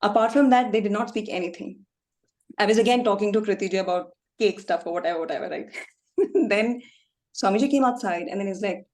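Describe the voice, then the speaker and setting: A woman's voice: mid-range voice, brisk, darkish tone. Chatty woman telling her story. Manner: chatty storytelling with frequent laughs and fillers. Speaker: class participant sharing testimony. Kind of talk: casual personal testimony on a video call. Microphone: video call.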